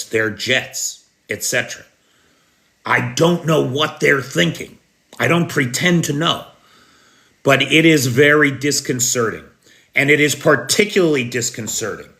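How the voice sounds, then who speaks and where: A man's voice: medium pitch, sharp tone. An American man hosting a live news stream and answering viewers, talking in an emphatic, indignant way with sarcastic turns. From United States.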